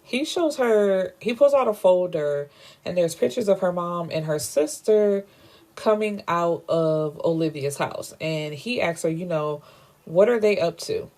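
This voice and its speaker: A woman's voice: fairly low pitch, measured pace, darkish tone. A woman giving a casual, chatty book recap, full of fillers and blunt opinions. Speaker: book reviewer.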